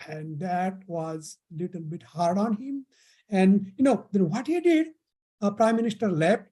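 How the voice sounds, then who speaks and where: A speaker from India, telling a folk tale to young people at a summer camp, halting and restarting often. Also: mid-range voice, lively intonation, mellow. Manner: halting, many pauses and restarts. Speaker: storyteller at a youth camp.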